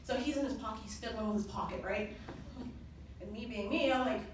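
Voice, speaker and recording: A young woman giving a motivational convention talk, telling personal stories in a lively way and laughing often. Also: fairly high pitch, fairly quick. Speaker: presenter at a company convention. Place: large conference hall. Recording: echoey hall from far off, noisy.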